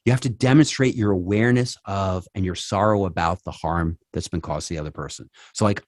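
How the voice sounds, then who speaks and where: Man, middle-aged, church speaker, acts out apologies, restarts a lot, low voice, dry sound. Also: a little fast, few pauses, no echo. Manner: animated, acts out quoted apologies with many restarts. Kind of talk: conversational church talk.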